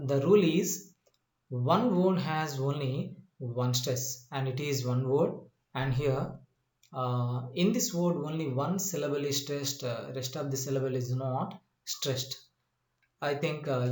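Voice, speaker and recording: In an echoey room, a male English teacher works through a slide-based lesson slowly and deliberately. He repeats his points and pauses often with "uh" and "you know," his voice a little high and a little mellow.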